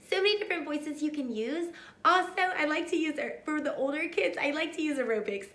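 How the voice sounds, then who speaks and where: Upbeat bright-voiced woman teaching. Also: high-pitched, reverberant. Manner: upbeat, explains step by step with hand motions. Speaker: homeschool tutor. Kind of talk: cheerful teaching demo. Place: classroom.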